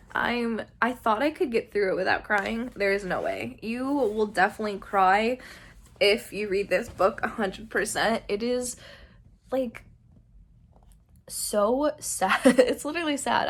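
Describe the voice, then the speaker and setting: A young woman chatting casually in a reading vlog, emotional and gushing, with many fillers. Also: on the high side. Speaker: book vlogger.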